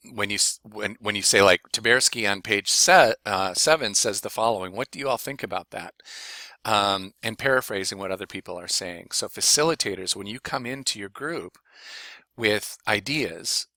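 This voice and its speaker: A man's voice: on the low side, no echo. A man teaching a university education class, explaining reading instruction after singing a children's song. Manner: sings children's song, then explains calmly. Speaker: education lecturer. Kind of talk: university lecture with sung demonstration.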